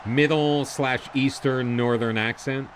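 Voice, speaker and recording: An American man casually commentating while he streams a football management game and chats with viewers, rambling and excitable. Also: medium pitch, a little slow, slight background noise. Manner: chatty, rambling, excitable during goals.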